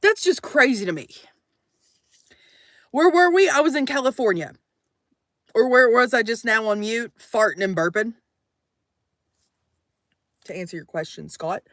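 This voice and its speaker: A young woman telling a story to her camera from inside her minivan, jumping between loud acted quotes and hushed asides. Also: fairly high pitch, animated, unhurried, pauses often, no room sound, studio quality. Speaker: vlogger.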